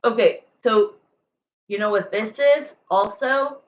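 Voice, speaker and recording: Slow, rambling woman reading tarot. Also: a little high, highs cut off, a little hiss or hum. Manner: rambling, full of "like" and "you know". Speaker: tarot reader. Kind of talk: casual spoken tarot reading.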